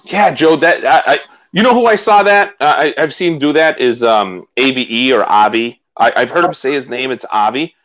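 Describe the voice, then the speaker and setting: A man's voice: medium pitch, moderate pace, fairly bright tone. Chatty man on muffled phone audio. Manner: chatty, laughs often, restarts a lot. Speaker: live stream co-host. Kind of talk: casual chat. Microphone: phone used as camera.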